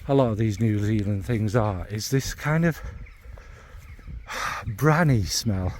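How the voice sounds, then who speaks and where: A man's voice: lowish voice, slow, darkish tone, a little hiss or hum. A man with a Northern English accent giving a casual spoken review, meandering as he searches for descriptive words, blunt and sometimes swearing. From Northern England. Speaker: fragrance reviewer.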